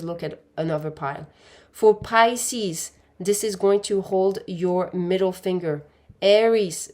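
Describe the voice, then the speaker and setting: A woman's voice: fairly low pitch, a little mellow. A woman giving an intuitive pick-a-pile tarot reading, speaking in a meandering way and calling her viewers "my dear". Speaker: tarot card reader.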